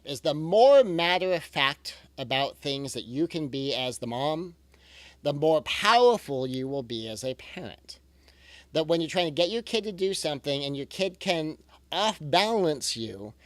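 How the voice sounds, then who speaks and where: A parenting coach with a voice on the high side gives a recorded talk with no echo. He sounds earnest and reassuring, often repeating key phrases for emphasis.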